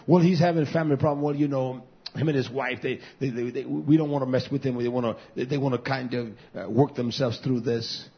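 Husky impassioned preaching man. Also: medium pitch, steady tone, fairly quick. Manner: impassioned preaching that swings between loud and hushed. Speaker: pastor. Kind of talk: sermon to a live stream. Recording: dull lo-fi recording.

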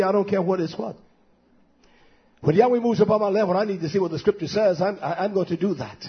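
A man's voice: very high-pitched, husky, lo-fi sound. A man preaching a sermon, firing off rhetorical questions and repeating his points for emphasis.

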